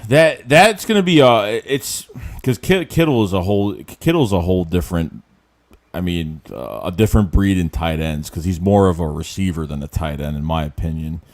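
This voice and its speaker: A man's voice: deep voice, normal speed. A man hosting a casual sports podcast, reading viewer comments from the live chat. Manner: lively, reads viewer comments aloud.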